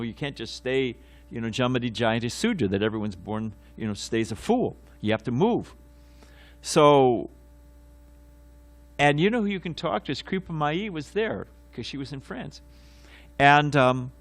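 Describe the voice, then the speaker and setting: A man teaching a devotional morning class, weaving stories into the lesson. His talk wanders, full of fillers and restarts, then flares into forceful quoted lines. Mid-pitched, in a temple class setting. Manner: digressive, with many fillers and self-corrections; dramatizes quotes with sudden loud bursts. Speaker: swami giving morning class. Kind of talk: devotional class lecture with storytelling.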